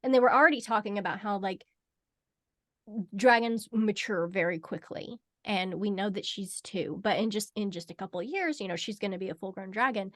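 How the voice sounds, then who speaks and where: A woman co-hosting a book podcast in casual chat, animated, swearing freely and acting out characters' lines. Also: mid-range voice, brisk, dry recording, clean studio sound. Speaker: podcast co-host. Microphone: video call.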